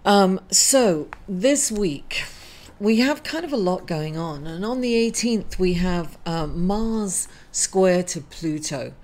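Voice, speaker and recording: A middle-aged woman hosting a casual weekly astrology reading, grieving, halting and apologetic, with many fillers and self-corrections. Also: fairly low pitch, animated, darkish tone. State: grieving, emotional. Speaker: astrology reader and channel host.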